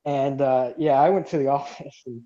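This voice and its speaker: A man's voice: mid-range voice, moderate pace, mellow. A man telling a story from his school days in a casual, rambling chat, with many restarts. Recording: dull lo-fi sound.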